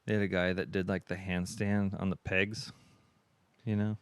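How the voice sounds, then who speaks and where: Low, smooth-voiced man telling a story. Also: flat delivery, moderate pace, dry recording. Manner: rambling storyteller, lots of fillers. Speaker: podcast co-host. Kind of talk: casual chat.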